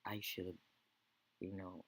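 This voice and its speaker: A man voicing a grieving young wife in a life-sim game story, speaking softly and pleadingly in his own everyday voice. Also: low-pitched, level tone, a little slow, husky, full character voice, low-quality recording. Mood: heartbroken.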